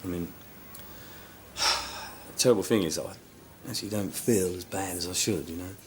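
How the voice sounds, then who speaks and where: A man's voice: deep voice, moderate pace, a little hiss or hum. A man in a sitcom, blunt and self-absorbed, grumbling about fame and his work. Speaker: cartoon voice actor. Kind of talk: sitcom acting.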